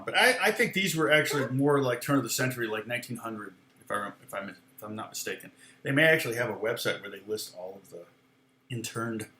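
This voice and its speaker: A man's voice: medium pitch, sharp tone, slight background noise. A middle-aged man, a guitar teacher on a live stream, telling a story in a rambling way, with frequent chuckles and restarts. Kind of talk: casual storytelling chat. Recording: echoey room.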